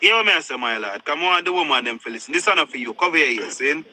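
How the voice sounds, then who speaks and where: A Jamaican man holds his ground in a heated online chat debate, circling back to the same points again and again. His voice sits high and rings with a sharp, very bright edge. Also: expressive, fast talker, low-quality recording. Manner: insistent, repeats himself, patois-heavy. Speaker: group chat participant.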